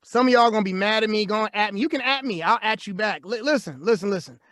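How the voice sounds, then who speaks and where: A man co-hosting a live chat show, talking in an animated, ranting way and laughing often. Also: high voice, quick pace, no room sound, studio quality. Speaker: co-host.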